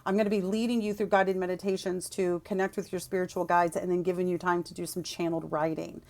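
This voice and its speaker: A woman, a spiritual teacher delivering a channeled message in a soft, unhurried way, with chatty asides. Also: on the low side. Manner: soft, slow and calming in the meditative passages; laughs often, chatty asides.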